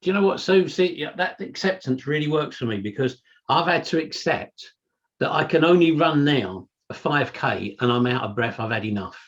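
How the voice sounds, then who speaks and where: A chatty man co-hosts a podcast in a fairly high voice with lively intonation at normal speed. His casual chat is anecdotal and peppered with "you know," heard through muffled call audio.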